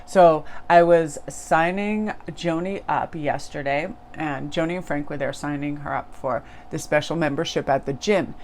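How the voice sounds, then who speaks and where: Low-voiced woman telling a story. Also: fairly even intonation, a little slow, few pauses, darkish tone, a little hiss or hum. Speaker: tarot reader. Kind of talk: casual spiritual monologue.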